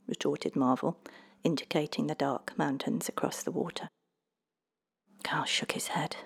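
A woman narrating a children's storybook, lively and voicing the characters. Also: deep voice, measured pace, creaky, long pauses, husky, whispered. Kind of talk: storybook reading.

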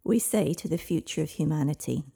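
An ancient dragon speaking through a little girl in a storybook, aloof and solemn, as a woman reads it. The voice is low, dark and husky with a gravelly grain. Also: fairly quick, exaggerated voice.

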